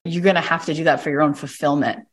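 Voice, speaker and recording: A woman's voice: sits low, fairly even intonation, quick pace. A woman coach on a recorded call, telling a story with energy and acting out the people she quotes. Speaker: coach and podcast host.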